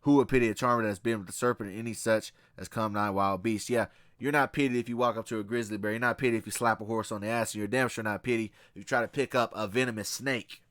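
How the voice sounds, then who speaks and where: Blunt, bright-voiced man ranting. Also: fairly low pitch, fairly even intonation, quick pace, hardly any pauses, dry recording, studio quality. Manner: blunt, profane, opinionated. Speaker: movie reviewer. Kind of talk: casual commentary with scripture reading.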